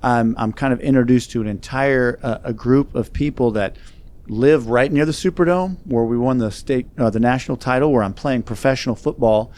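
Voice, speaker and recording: A man's voice: mid-range voice, brisk, a little mellow. A man speaking as a guest, telling a personal story in an earnest, reflective way. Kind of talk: storytelling in conversation.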